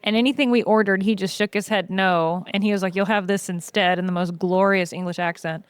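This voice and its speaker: A woman guest in casual podcast chat, telling lively stories with frequent "um"s. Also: mid-range voice, brisk, clear, resonant tone, no room sound. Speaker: podcast guest, brewery co-owner.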